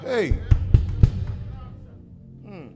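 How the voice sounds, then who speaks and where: A man's voice: extremely slow, mellow, soft background music. A man in a congregation, answering the preacher with short affirming call-backs. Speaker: congregation member.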